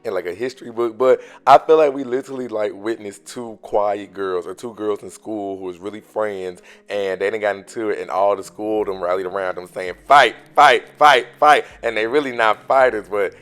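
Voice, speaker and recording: Deep-ish guy, chill slangy reality show commentary. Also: fairly even intonation, a little fast, hardly any pauses, smooth. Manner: laid-back, slangy storytelling. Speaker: recap commentator. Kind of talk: casual commentary.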